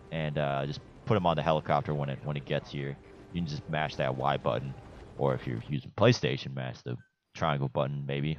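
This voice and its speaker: A man's voice: very deep voice, highs cut off. A young man giving a casual gameplay walkthrough, laid-back and chatty, swearing casually as he explains each step. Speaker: gameplay guide narrator.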